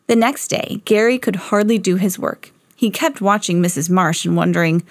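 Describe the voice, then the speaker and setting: A woman hosting a children's read-along, narrating a picture book aloud in an expressive way. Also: mid-range voice, normal speed, hardly any pauses, no room sound. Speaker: host reading to children.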